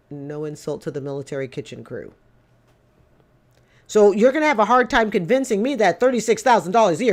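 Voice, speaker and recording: A woman in her fifties giving casual, opinionated commentary, blunt and emphatic, repeating her points to drive them home. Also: medium pitch. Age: 50s. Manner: lecturing, addresses people directly. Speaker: commentator reacting to call-in show clips.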